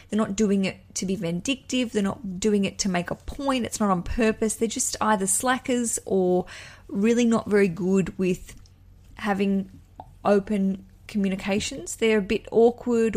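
A woman's voice: medium pitch, a little mellow. A young Australian woman hosting a wedding podcast, giving a listener chatty, enthusiastic advice with rambling asides. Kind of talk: casual advice chat.

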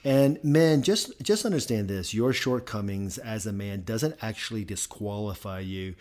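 A man's voice: fairly low pitch, a little slow, few pauses, darkish tone. A man co-hosting a podcast, speaking emphatically and pastorally, repeating key points for emphasis. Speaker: podcast co-host, company founder. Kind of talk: casual podcast conversation.

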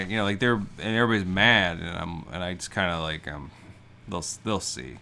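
A man's voice: low-pitched, brisk, gravelly, pushed and bright. A man co-hosting a podcast, spinning rambling absurd stories in casual comedic chat. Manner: rambling, absurd storytelling with fillers. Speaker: podcast co-host.

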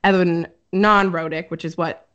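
A woman's voice: fairly low pitch, fairly even intonation, moderate pace, a bit bright, lo-fi sound. A woman hosting a casual podcast chat who explains a topic at length, with frequent ums and little laughs. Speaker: podcast host presenting research.

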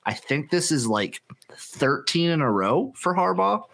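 A man co-hosting a casual sports podcast, talking in a hyped, profane way with quick opinions. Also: fairly high pitch, very animated, gravelly, a bit bright. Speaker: podcast co-host.

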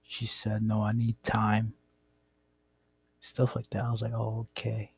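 A young man with a low, gravelly voice that has a husky edge rambles through a personal story in a laid-back, profane way. The sound is dry and close, with no room around it. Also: completely flat delivery, a little slow, darkish tone, no room sound. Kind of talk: casual storytelling.

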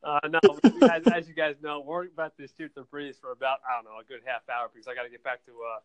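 A man's voice: a little high, steady tone, fast talker, clean tone, no room sound, poor audio. A man hosting a casual chat, talking in a loose, upbeat way while cooking. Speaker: host.

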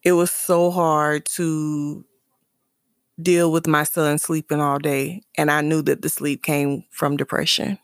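This mother's voice is deep and slow with little pitch movement, captured in a dry, studio-quality recording. Telling a candid personal story about her son and his father, she grows emotional and earnest, frequently restarting and repeating herself.

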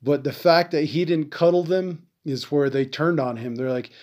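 A slightly high-voiced man from the Navajo Nation hosts a veterans podcast in loose, casual storytelling. He swears freely, trails off and stops to hunt for words. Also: normal speed, a little mellow. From Navajo Nation, American Southwest. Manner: profane, rambling, often searches for words.

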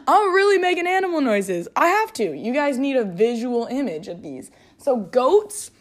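A woman's voice: on the high side, big pitch swings, normal speed, hardly any pauses. A woman hosting a casual solo podcast, rambling and giggling, with lots of filler words. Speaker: podcast host.

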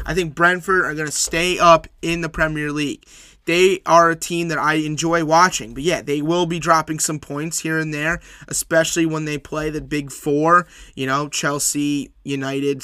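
A man's voice: on the high side, bright, forceful tone, no room sound, studio quality. A man hosting a solo sports podcast, recapping match results and making emphatic, opinionated predictions that he repeats for weight.

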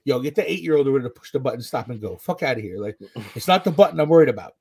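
A man's voice: mid-range voice, animated, racing, vocal fry, darkish tone, husky. A young man co-hosting a podcast, riffing in a casual chat, swearing a lot and acting out little scenes. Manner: joking, profane, acts out scenes. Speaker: podcast co-host.

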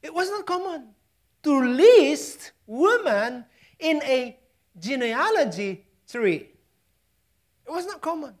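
Filipino lady preaching, high voice that jumps all over, slow and drawn out, drops to whispers. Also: sing-song. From Philippines. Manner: dramatic swings from loud emphasis to hushed near-whispers; chuckles at her own asides. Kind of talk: sermon.

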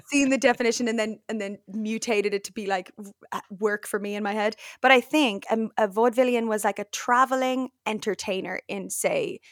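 A young Irish woman, an actor and comedian appearing as a guest, tells stories in a casual chat and acts out the voices of people she quotes. Her medium-pitched delivery is brisk with few pauses. The recording is dry and sounds clean, like a studio.

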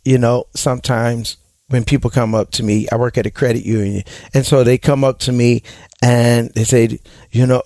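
A man hosting a casual advice talk show, talking in an animated way and slipping into exaggerated impressions of people. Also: medium pitch, normal speed, dry recording, studio quality.

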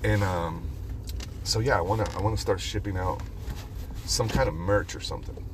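A man with a very low voice hosts a casual solo podcast and brainstorms out loud, rambling and swearing freely. He records on a phone, and clear traffic and car noise sit behind him. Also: normal speed. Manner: rambling, profane, brainstorming aloud. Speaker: podcast host.

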